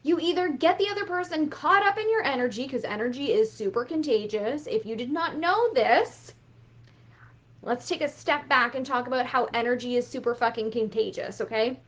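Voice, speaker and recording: High, animated woman coach. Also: moderate pace, dull audio. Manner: animated, swears freely, acts out quotes. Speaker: business coach. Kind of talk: casual motivational talk.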